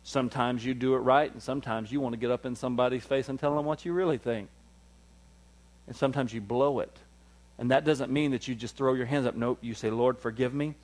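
A male pastor, preaching a sermon, swinging from loud, high peaks down to low, quiet stretches and calling for "amen" from the room. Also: fairly even intonation, fairly quick. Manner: call-and-response preaching, rises to loud peaks then drops low.

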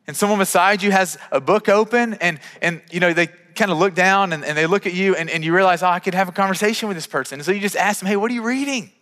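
Guy pastor preaching, kinda high voice, chatty, stumbles on his words a lot, big echoey hall. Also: a bit bright. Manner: conversational, repeats words when starting sentences. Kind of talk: sermon.

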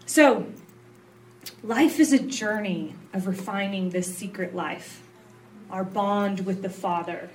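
A woman, a pastor's wife, giving an earnest, confessional sermon that moves between quiet low passages and emphatic rises. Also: takes it slowly, far from the mic, faint music behind.

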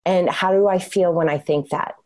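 A woman's voice: on the low side, steady tone, moderate pace, a little mellow. Earnest woman repeating words for emphasis. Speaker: guest. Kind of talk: casual podcast conversation.

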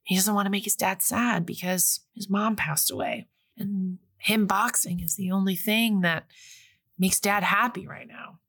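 A woman casually retelling a film's plot on a podcast, animated and breezy. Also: medium pitch, unhurried, gravelly, slightly rough. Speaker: podcast co-host recapping a film. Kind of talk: casual recap chat.

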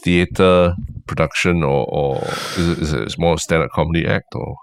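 Deep-voiced Singaporean podcast host. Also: male voice, steady tone, normal speed, vocal fry, slight background noise. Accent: Singaporean English. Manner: attentive, frequent murmured agreement. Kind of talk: casual podcast chat.

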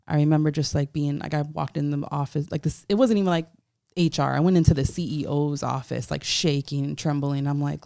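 A woman's voice: low voice, a little fast, creaky, no room sound, clean studio sound. A young woman from Florida, a photographer, telling stories in a casual interview, full of "like" and acting out the voices of people she quotes. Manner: animated, acts out quoted voices, many "like" fillers. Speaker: photographer guest.

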